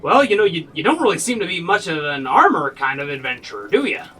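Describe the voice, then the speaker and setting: A man's voice: on the high side, sing-song, quick pace, pushed and bright, slight background noise, low-quality recording. A man voicing a friendly, generous male blacksmith who greets an old friend, talking eagerly and tripping over his words.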